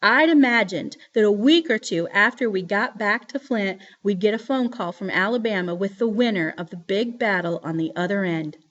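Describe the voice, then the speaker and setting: A woman reading a novel aloud as audiobook narration, with lively storytelling. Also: mid-range voice, moderate pace, hardly any pauses, muffled recording.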